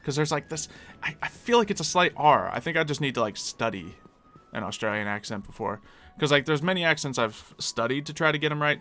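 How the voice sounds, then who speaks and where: American guy on a live stream, chatty, bright forceful voice, faint music behind. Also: mid-range voice. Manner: chatty, answers chat requests aloud. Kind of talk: casual live-stream chat. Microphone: desk mic.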